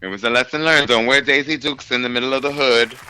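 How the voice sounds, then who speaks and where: A middle-aged man from New City, telling stories in a campy, animated casual chat full of "honey" and "darling.". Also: medium pitch, quick pace, clear, resonant tone, poor audio. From New York City.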